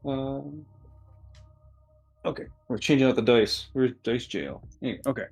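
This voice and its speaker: A man narrating as game master of a tabletop game, halting and restarting often. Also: medium pitch, vocal fry, darkish tone, husky.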